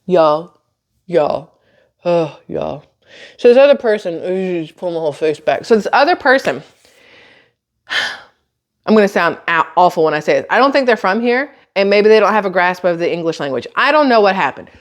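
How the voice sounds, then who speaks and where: A woman's voice: fairly low pitch, lively intonation, normal speed. A woman telling a story to her viewers in a casual, exasperated, sarcastic tone, swearing now and then. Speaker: YouTuber.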